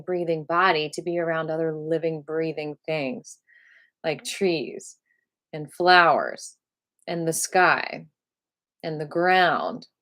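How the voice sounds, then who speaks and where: A woman teaching a live qigong class from home, guiding her listeners in a slow, soothing, reflective way. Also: sits low, fairly bright tone.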